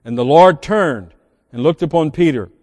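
A man's voice: a little high, normal speed, darkish tone. Preaching man in a reverberant church. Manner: preaching with emphatic swells and drops, reading scripture aloud. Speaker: pastor. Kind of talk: sermon. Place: large church sanctuary.

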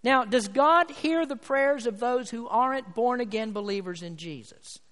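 A man's voice: very high voice, moderate pace, fairly bright tone. A man preaching a sermon as pastor, emphatic and building to fervent peaks. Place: church sanctuary. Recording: long hall reverb from church sanctuary.

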